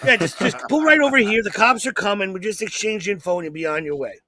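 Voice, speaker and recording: High, bright New man rambling. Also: quick pace. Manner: rambling, excitable anecdote-telling. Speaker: comedian podcast co-host. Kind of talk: casual chat, storytelling.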